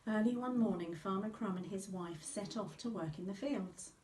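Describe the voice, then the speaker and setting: Recorded from a distance in an echoey room with a little hiss or hum, a female teacher reads a storybook to her class. Her mid-range voice is expressive and moves at a normal speed.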